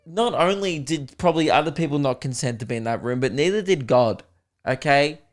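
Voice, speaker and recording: A young Australian man with a somewhat high voice hosts a comedy podcast. He rants with crude humour and breaks into laughter as he goes. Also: a little fast. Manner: animated, profane, laughing often. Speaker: podcast host.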